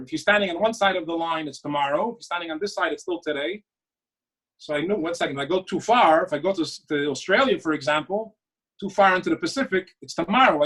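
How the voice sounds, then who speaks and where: Husky rabbi telling a story. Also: male voice, high-pitched, low-quality recording. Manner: animated storyteller, acts out phone calls. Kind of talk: storytelling sermon to students.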